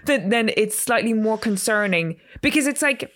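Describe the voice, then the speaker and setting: A woman, co-hosting a podcast in casual chat, rambling and chatty, quick to laugh at herself. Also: on the high side, animated, a bit bright. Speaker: podcast co-host.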